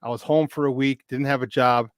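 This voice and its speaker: A man's voice: mid-range voice, fairly quick, smooth, dry recording. Chatty man in his fifties, dry sound. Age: 50s. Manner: chatty, animated, with many restarts. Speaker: podcast guest. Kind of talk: casual storytelling.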